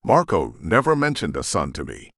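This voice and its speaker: A man's voice: low voice, wildly swooping pitch, moderate pace, a bit bright, no room sound, studio quality, exaggerated voice. A man voicing a guarded male shifter leader in an audiobook, level and commanding. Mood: stern.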